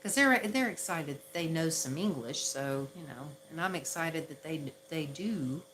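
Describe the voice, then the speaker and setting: A woman's voice: deep voice, lively intonation, measured pace, a bit bright, slight background noise, rough recording. A woman from the Southern United States with a Southern accent, chatting casually on a livestream and laughing at herself often. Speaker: ASMR livestream host.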